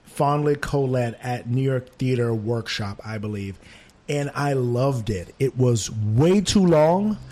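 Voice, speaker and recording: A man in casual conversation, critiquing a theater production with animated asides. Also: medium pitch, slow pace. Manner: animated, mimics voices when quoting. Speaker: theater reviewer.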